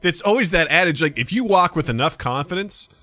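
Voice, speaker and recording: A man's voice: a little high, animated, a little fast, pushed and bright, no echo. A man co-hosting a podcast, telling stories in casual chat and acting out the quoted exchanges with a lot of swearing. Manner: swears freely. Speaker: podcast co-host.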